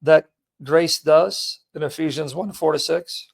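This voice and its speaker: A man hosting a live stream, lecturing a caller in a heated, forceful way. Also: on the high side, steady tone, measured pace, creaky, husky. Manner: forceful, lecturing, berating chat commenters. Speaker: livestream host. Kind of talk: heated live teaching and chat.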